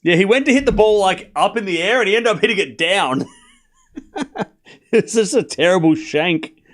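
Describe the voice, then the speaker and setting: A man hosting a live tennis watchalong stream, chatting casually and laughing often, then calling points in a quieter play-by-play. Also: high-pitched, animated, normal speed.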